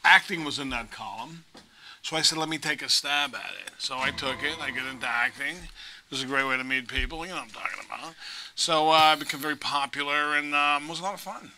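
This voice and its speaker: A man's voice: on the high side, fairly quick, bright, forceful tone, slight background noise, low-quality recording. A middle-aged man, a guest actor, telling profane, joking stories in a casual interview. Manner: profane, joking anecdotes with put-on voices.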